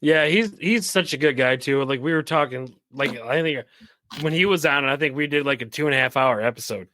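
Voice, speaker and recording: A man hosting a podcast, chatting in a relaxed, easy way. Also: mid-range voice, brisk, no echo. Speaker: podcast host. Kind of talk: casual chat.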